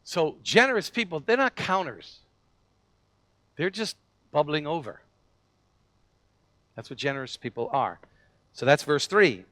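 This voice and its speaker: Male pastor, sermon, bright higher voice, dry close sound, storytelling with acted quotes. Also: measured pace, pauses often, no echo. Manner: animated storytelling, acts out quoted voices, frequent restarts.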